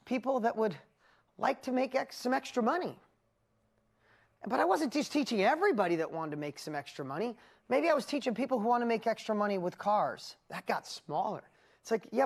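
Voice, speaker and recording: A middle-aged woman with a New York accent giving a motivational seminar talk as a business coach, telling stories and acting out her own inner voice. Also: medium pitch. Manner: animated storytelling with acted-out inner voices.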